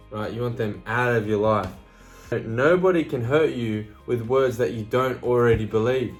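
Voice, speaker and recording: A man giving a casual motivational talk to camera, blunt and plain-spoken, swearing freely and often checking in with "right?" and "you know". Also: mid-range voice. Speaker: motivational speaker.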